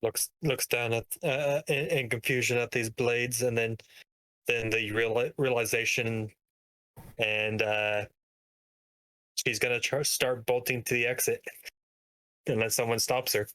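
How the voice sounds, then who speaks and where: A man playing a tabletop game, talking casually and haltingly with many uhs. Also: medium pitch, little pitch movement, pushed and bright. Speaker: player.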